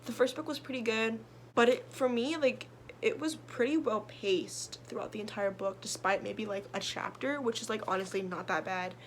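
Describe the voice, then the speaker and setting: A woman's voice: mid-range voice, normal speed, a little hiss or hum. A young woman, a book vlogger, chatting casually about her reading list in a rambling way full of fillers and restarts. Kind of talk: casual chat.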